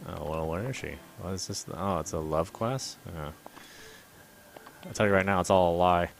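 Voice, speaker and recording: Man, gamer, quiet muttered asides, let's-play commentary. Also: deep voice, moderate pace, gravelly, a little hiss or hum.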